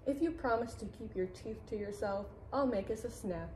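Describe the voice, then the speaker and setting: A woman voicing a cheerful, sensible young female groundhog who talks in a brisk, slightly scolding way. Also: mid-range voice, warm tone, echoey room, a little hiss or hum, lightly acted, poor audio.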